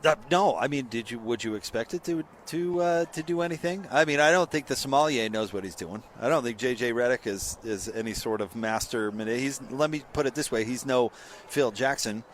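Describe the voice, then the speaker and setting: A man hosting a sports radio show, giving blunt, sarcastic opinions in an animated rant. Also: mid-range voice, a little fast, slight background noise.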